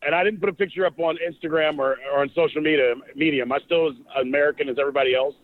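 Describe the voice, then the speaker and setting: Slightly high-voiced man on a tinny line. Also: fairly even intonation, very fast, no room sound. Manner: rambling, conversational, jokey asides. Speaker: podcast co-host. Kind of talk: casual chat. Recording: dry, tinny phone-like line.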